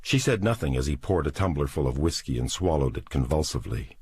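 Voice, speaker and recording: A man narrating a novel as an audiobook in a slow, deliberate, dramatic reading. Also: a bass voice, lively intonation, darkish tone, slightly rough. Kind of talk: scripted narration.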